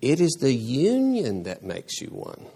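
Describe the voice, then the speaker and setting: Here a male pastor preaches in an unhurried way, his voice creaky with a breathy edge. He stays lively, circling back over words and restarting lines, now and then leaping high for emphasis.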